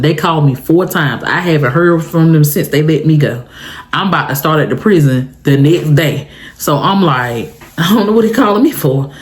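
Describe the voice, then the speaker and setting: A woman telling a personal story for her vlog in a casual, animated way, talking straight to her viewers and jumping high in pitch for emphasis. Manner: colloquial, talks straight to viewers. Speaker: storytime vlogger.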